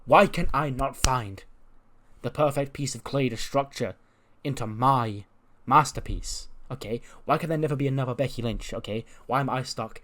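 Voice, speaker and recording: A man's voice: mid-range voice, moderate pace, a bit bright, natural voice. A man voicing an arrogant, self-important female wrestling star who brags and complains, ending lines with "okay?". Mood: boastful. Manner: boastful, complaining, repeats "okay?".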